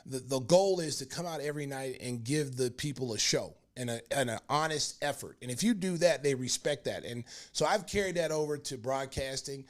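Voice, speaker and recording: A man in his fifties from Oklahoma, hosting a podcast and telling a story in a rambling, animated way, full of fillers and restarts. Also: medium pitch, a little fast, hardly any pauses. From Oklahoma, United States. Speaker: podcast host. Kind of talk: casual storytelling.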